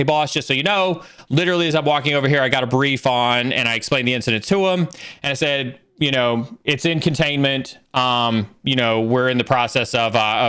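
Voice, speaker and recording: A middle-aged man hosting a casual livestream Q&A, answering career questions and telling stories with lots of fillers and restarts. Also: mid-range voice. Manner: animated storyteller, fillers and restarts.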